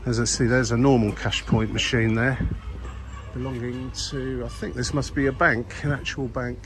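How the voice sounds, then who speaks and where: An older man with a husky voice from a cold, walking outdoors and commenting wryly on the sights, with many uhs. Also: mid-range voice, little pitch movement, moderate pace. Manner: rambling, wry, many ums and uhs. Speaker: vlogger. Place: outdoors in an old town street.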